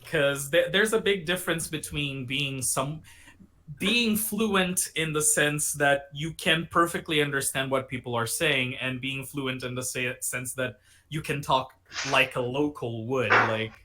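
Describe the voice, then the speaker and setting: A man's voice: medium pitch, measured pace, bright, forceful tone. A man for whom English is a second language, talking in a thoughtful, modest way on a panel. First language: not English. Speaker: game developer. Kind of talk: casual chat.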